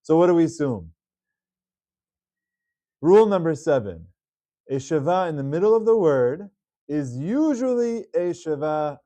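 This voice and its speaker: A man teaching Hebrew reading rules in a patient video lesson, repeating key words slowly. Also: a little high, dark tone, no echo.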